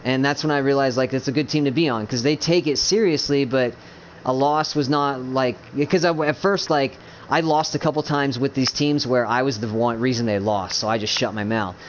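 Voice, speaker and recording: Fast-rambling young-sounding man chatting. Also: medium pitch, slight background noise. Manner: rambling, many fillers and restarts, swears freely. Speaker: gamer streamer. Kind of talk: rambling casual chat.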